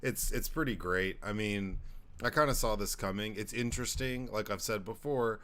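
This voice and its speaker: A man's voice: fairly low pitch, moderate pace, fairly bright tone. A young man co-hosting a casual podcast, rambling and swearing, pressing to finish his point. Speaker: podcast co-host.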